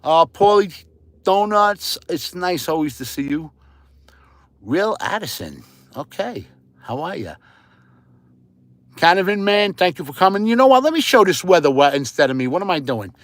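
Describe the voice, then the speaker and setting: Holding his phone to livestream from a mostly outdoor, windy parking lot, this man rambles casually, says things twice and welcomes viewers by name. His voice sits high, expressive and brisk, and loud wind noise hits the phone mic.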